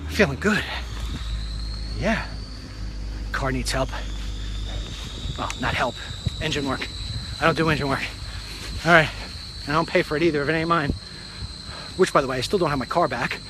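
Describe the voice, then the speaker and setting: A man's voice: on the high side, normal speed, pauses often, noisy background. A middle-aged man hosting a live political talk stream while walking outdoors in the rain, talking bluntly in rambling, jokey asides into a phone.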